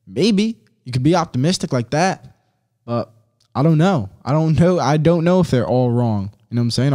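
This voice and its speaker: A man's voice: mid-range voice, darkish tone. A man hosting a podcast alone, giving a casual rant in a blunt, fired-up way, swearing and using slang. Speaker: podcast host.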